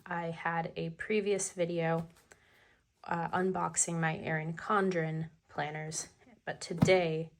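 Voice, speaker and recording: A woman vlogger chatting casually as she unboxes her planners, enthusiastic about the stationery. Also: lowish voice.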